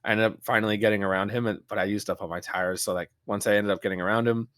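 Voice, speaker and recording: Low-voiced man, animated podcast co-host. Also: racing, smooth, dry recording, clean studio sound. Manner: animated storytelling with many restarts and fillers. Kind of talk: casual chat.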